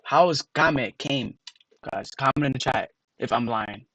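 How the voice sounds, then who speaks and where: A man's voice: medium pitch, moderate pace, fairly bright tone, no echo, poor audio. A man on a casual livestream, rambling to his chat and sounding out words letter by letter with emphatic disbelief.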